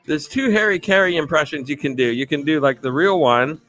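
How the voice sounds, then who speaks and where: Man, live-stream host, a bit tipsy, upbeat rambling chat, fairly high voice, faint background music. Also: expressive, a little fast. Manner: upbeat, rambling shout-outs to viewers. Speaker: livestream host.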